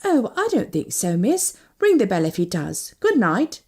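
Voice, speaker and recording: A woman's voice: mid-range voice, huge pitch swings, moderate pace, darkish tone, slightly rough, exaggerated voice. A woman reading an audiobook, voicing a respectful night stewardess who speaks deferentially and apologetically. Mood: apologetic.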